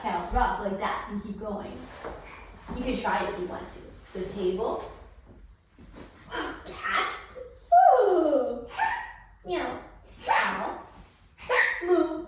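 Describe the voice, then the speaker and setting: A woman and mother leading her child through a yoga session, playful and encouraging, imitating animal sounds as she goes. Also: mid-range voice. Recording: very echoey room, mic at a distance.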